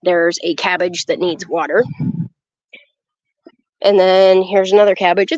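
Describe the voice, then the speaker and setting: A chatty, excitable woman walks her garden outdoors and talks straight to her viewers, swearing freely. Her voice sits at a middling pitch and sounds close and dry, with no room around it. The phone audio is a bit dull and muffled. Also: measured pace, long pauses, no echo. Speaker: vlogger giving a garden tour. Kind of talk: casual walk-and-talk vlog. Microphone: handheld phone camera.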